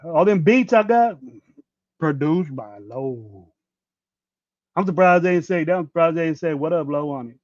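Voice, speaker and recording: He's a sports podcast host in his fifties, ranting bluntly on a casual livestream with lots of swearing and rambling restarts. His slightly high, slightly mellow voice has lively intonation, a moderate pace and long pauses. The dull, dry lo-fi mic picks up no room sound.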